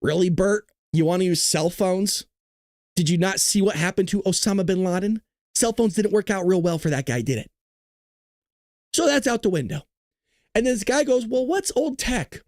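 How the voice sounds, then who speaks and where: A male commentator on a live stream whose pitch bounces around animatedly as he jokes and laughs. His tone is sarcastic and teasing, and the sound is dry and close with little room around it. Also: lively intonation, normal speed, long pauses, a little mellow, no room sound. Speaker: host of a political commentary livestream. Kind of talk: casual live political commentary.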